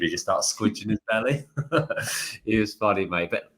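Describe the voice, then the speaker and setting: Very low-voiced British man chatting. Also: normal speed. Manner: relaxed storytelling, says "mate" often. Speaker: podcast co-host, ex-footballer. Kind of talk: casual chat.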